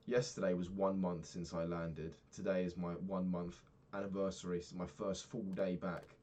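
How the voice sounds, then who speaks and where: A man's voice: low-pitched, little pitch movement, normal speed, darkish tone. A young man talking through his day in a candid, rambling diary vlog, swearing freely. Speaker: vlogger.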